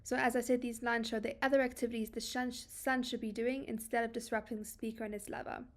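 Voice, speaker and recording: A woman's voice: on the high side, level tone, quick pace. A woman with a South African accent tutoring English literature, reading poem lines and paraphrasing them casually with many fillers. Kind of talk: poetry analysis lesson.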